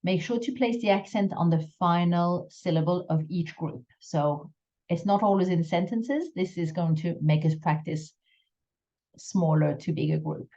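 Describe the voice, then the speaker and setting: Woman, pronunciation lesson, careful drawn-out examples, warm dark tone. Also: on the low side, lo-fi sound. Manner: slow, careful explanations with drawn-out French examples. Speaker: French teacher.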